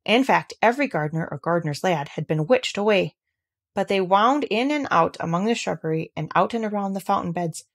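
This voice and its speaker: A woman reading a classic novel aloud as narrator, with gentle, expressive storytelling. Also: on the low side. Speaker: audiobook reader.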